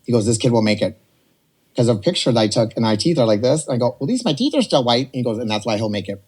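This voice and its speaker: A man in his forties telling a personal story on a podcast, animated and rambling, slipping into voices to act out what others said. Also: mid-range voice, racing, slightly rough. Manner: animated, rambling, jumps between quoted voices. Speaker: podcast guest. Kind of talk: casual storytelling.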